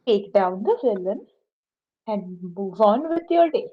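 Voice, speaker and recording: A woman's voice: mid-range voice, animated, a little slow, slightly rough. A woman speaks in character in a dry, businesslike tone during a tabletop game. Her mic sounds dull and lo-fi. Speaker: player.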